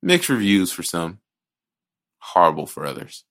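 Deep-voiced man rambling in blunt podcast chat. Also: huge pitch swings, a little slow, a bit bright. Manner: rambling, restarts a lot, blunt and profane. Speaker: podcast co-host. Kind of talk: casual movie chat.

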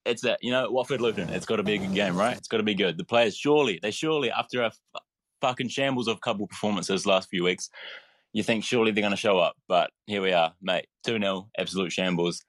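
A man's voice: fairly low pitch, dry recording. A man from New Zealand calling in late at night, exasperated about his team and repeating "mate". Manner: fast, exasperated, keeps saying mate. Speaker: caller. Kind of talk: casual phone-in.

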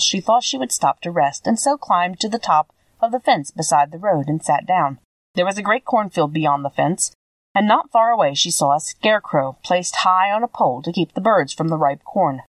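A woman reads a children's story aloud in an expressive, measured way. Her voice rises and falls in a lively way. The sound is dry and a little distant from the mic. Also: fairly low pitch, dry recording. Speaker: podcast reader. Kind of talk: storybook narration.

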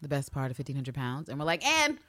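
A woman co-hosting a podcast, recapping a TV episode in casual, animated chat and acting out quotes. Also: extremely low pitch, fast, dry recording. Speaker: podcast co-host.

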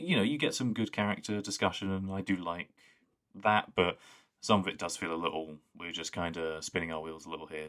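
A man's voice: deep voice, a bit bright. A man co-hosting a podcast in casual chat, talking in a rambling, enthusiastic way. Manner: rambling, enthusiastic, full of "like" fillers. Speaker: podcast co-host.

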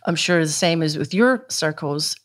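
A woman speaks in a low register during a conversational interview. She talks earnestly and emotionally, often restarting her sentences. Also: expressive, moderate pace. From Australia.

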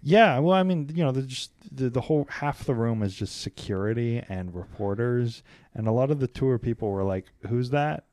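A man's voice: medium pitch, animated, brisk, a little mellow, no room sound, clean studio sound. A man from Kansas City co-hosting a podcast, telling rambling stories in a wry, irreverent way. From Kansas City, USA. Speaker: podcast co-host. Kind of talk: casual podcast chat.

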